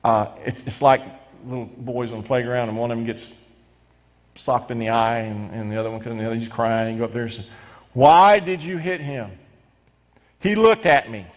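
A middle-aged male pastor preaching a sermon, animated and stumbling into quick restarts as he reads scripture and explains it. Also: medium pitch. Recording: long hall reverb.

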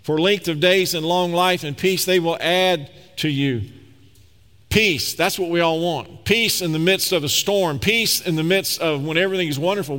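A man's voice: sits high, bright, forceful tone. Conversational preacher man in a reverberant hall. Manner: conversational, emphatic preaching with acted-out quotes. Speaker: pastor. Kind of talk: sermon.

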